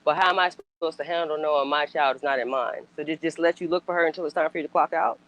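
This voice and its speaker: A woman's voice: low-pitched, fast, rough recording. A woman chatting casually as a commentator. She is blunt and emphatic, swears freely and fires off rhetorical questions. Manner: blunt, emphatic, frequently profane; animated outbursts and rhetorical questions. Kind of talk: casual reaction chat.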